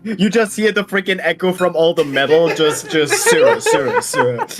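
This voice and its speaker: A man's voice: high-pitched, moderate pace. A man playing a tabletop game, bantering casually and often laughing. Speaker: player.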